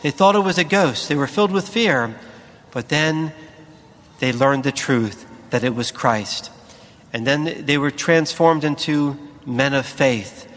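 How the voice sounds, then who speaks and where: A priest giving a sermon, speaking slowly and deliberately with emphatic pauses. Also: male voice, a little high, lively intonation, a bit bright, long reverb tail.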